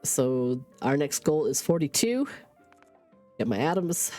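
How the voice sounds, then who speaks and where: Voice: mid-range voice, very animated, slow, mellow, soft background music. A livestreamer with a stuffy nose from a cold, chatting casually while playing a game and talking through each in-game task aloud. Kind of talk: casual gaming stream chat.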